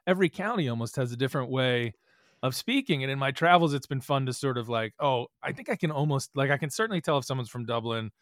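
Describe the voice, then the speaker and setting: A man hosting a podcast interview, asking animated, rambling questions. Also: mid-range voice, no room sound, studio quality. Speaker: podcast host. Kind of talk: casual interview chat.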